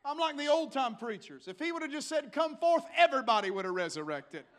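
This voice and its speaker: A man, a pastor delivering a dramatic sermon in church, moving from quiet scripture reading to shouted calls. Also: very high-pitched, very animated, fast.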